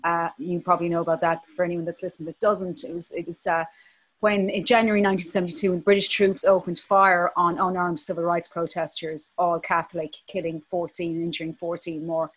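A woman's voice: lowish voice, flat delivery, a little fast. Irish lady from clare, fifties, chatty guest telling stories. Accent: Irish, County Clare. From Ireland. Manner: chatty, storytelling. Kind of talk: casual chat.

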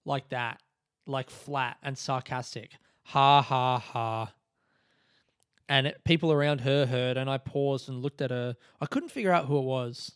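A comedian in his thirties, ranting through his stories on a solo podcast with plenty of swearing. His voice sits at an ordinary middle pitch. It is recorded close and dry, with no room sound. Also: moderate pace, few pauses, clear, resonant tone, dry recording. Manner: sweary, ranting, animated retelling. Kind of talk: casual solo podcast storytelling.

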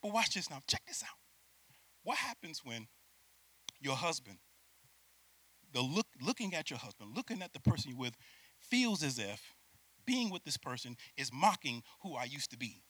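A male preacher giving a lively sermon, acting out voices, laughing often and calling out to the crowd. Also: mid-range voice, moderate pace, pauses often, slightly rough.

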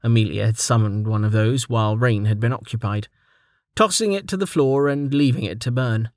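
A man narrating a fantasy webnovel audiobook in a steady, even reading voice. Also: medium pitch, normal speed, no room sound, studio quality. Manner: steady, even reading, stat lists read out plainly.

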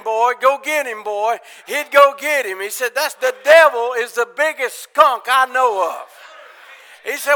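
A man preaching in church, his voice high and clear. He tells stories full of quoted voices and lifts from easy talk into ringing, fervent preaching. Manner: builds from quiet talk to loud, high-pitched preaching. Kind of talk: Pentecostal-style sermon.

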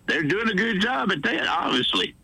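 A man's voice: high voice, sing-song, moderate pace, creaky, pushed and bright, breathy edge, no room sound, low-quality recording. A man with a Southern accent calling in to a radio show by phone while driving, rambling and exasperated. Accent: Southern US, Alabama. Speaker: caller. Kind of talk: call-in phone chat.

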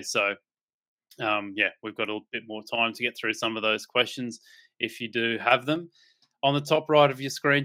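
A man's voice: fairly low pitch, sharp tone. An Australian man hosting a live sports betting podcast in a laid-back, joking way, swearing now and then. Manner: laid-back, swears freely, laughs often. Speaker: podcast host. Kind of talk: casual sports betting chat.

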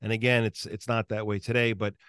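A man's voice: fairly low pitch, fairly quick, clear, resonant tone, no room sound. Rambling man hosting an interview. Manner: rambling, animated, self-interrupting. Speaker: podcast host. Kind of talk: casual interview chat.

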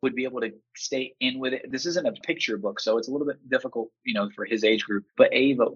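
A man in his thirties tells his stories with a husky, slightly rough edge and plenty of animated emphasis, acting out what others said. The audio is muffled and lo-fi, as if heard over a remote line. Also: medium pitch, fast. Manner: animated, emphatic, acts out quotes. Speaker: podcast guest, teacher and father. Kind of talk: enthusiastic storytelling chat.

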